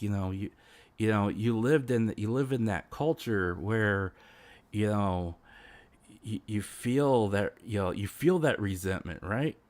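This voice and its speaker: A man with a lowish voice streams as a VTuber, launching into a casual rant full of restarts and filler words. There's no room sound on the recording.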